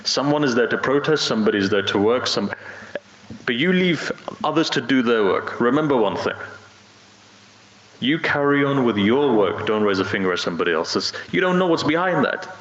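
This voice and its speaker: A man's voice: mid-range voice, animated, normal speed, fairly bright tone. A man preaching a sermon with earnest emphasis, telling a story to a mosque congregation. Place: mosque hall. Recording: roomy, dull hall recording.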